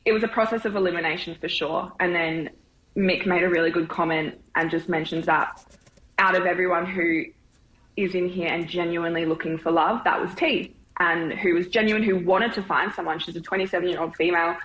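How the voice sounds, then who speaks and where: A woman guest in a casual interview, chatty and relaxed, laughing easily. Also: on the low side, fairly quick, dull audio. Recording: echoey remote room.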